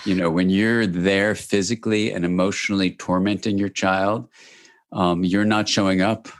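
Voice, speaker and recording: A man speaking as a guest expert in an interview, explaining in a measured, emphatic way. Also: low-pitched, level tone. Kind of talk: interview answers.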